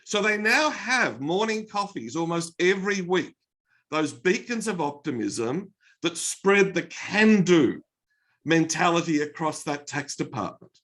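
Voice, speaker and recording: Bright-voiced Australian man giving a motivational talk. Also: on the high side, a little slow. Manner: energetic anecdotal storytelling. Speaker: keynote speaker.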